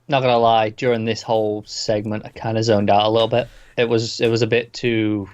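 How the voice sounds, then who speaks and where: A man's voice: fairly low pitch, flat delivery, darkish tone. Joking man with muffled lo-fi sound. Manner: quick joking asides, laughs often. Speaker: podcast co-host. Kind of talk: casual chat reviewing TV episodes.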